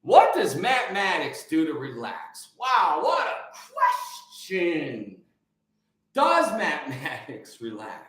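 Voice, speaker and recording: A man hosting a casual livestream chat, excitable and energetic, often repeating words for emphasis. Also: fairly high pitch, slow, heavy reverb. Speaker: livestream host.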